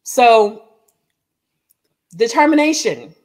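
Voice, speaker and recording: A woman co-hosting a podcast, telling a lively personal story in casual chat and acting out the dialogue as she goes. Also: fairly high pitch, extremely slow. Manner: animated storyteller, acts out dialogue, frequent "like" and "oh my gosh". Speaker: podcast co-host.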